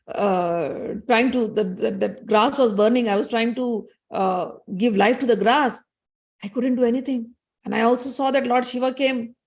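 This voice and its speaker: A woman's voice: a little high, darkish tone, natural voice. A woman doing a flustered, apologetic god. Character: apologetic, defeated male god.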